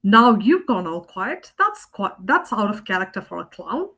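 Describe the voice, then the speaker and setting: A woman's voice: medium pitch, big pitch swings, moderate pace, fairly bright tone, slightly rough, full character voice. A woman playing a blunt female heckler. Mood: pointed.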